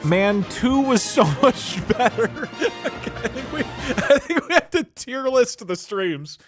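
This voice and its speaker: A man in his thirties hosting a live stream, excitable and mock-incredulous, laughing often. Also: extremely high pitch, measured pace, over music. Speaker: streamer host. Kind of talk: casual live-stream chat.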